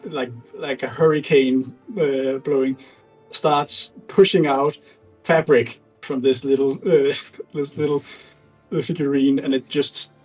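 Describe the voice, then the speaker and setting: A man narrating as game master of a tabletop game, animated and laughing often, halting with fillers. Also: mid-range voice, soft background music, rough recording.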